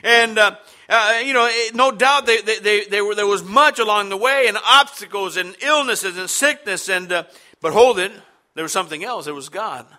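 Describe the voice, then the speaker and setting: A male pastor delivers a sermon in a high, very bright voice. He talks in a halting, conversational way, restarting phrases and filling gaps with "uh" and "you know". He turns to the congregation with questions as he goes. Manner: halting, repeats words, many fillers, asks the congregation questions. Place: church sanctuary with congregation.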